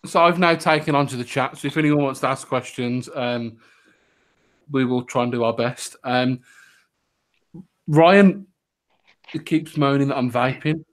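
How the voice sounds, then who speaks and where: A man's voice: mid-range voice, measured pace, long pauses. A man with a British accent on a podcast, reading out the live chat in a sarcastic, jokey way. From United Kingdom.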